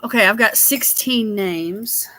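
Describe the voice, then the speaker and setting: Sixty-something woman, slow and bright. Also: mid-range voice, dry recording. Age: 60s. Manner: reads viewer names aloud. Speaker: livestream host. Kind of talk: casual chat with viewers.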